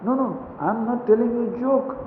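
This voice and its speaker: A man's voice: very high voice, fairly quick. A man giving a spiritual discourse, telling stories and asking his audience rhetorical questions. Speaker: spiritual teacher. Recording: tinny, echoey hall recording with faint hiss.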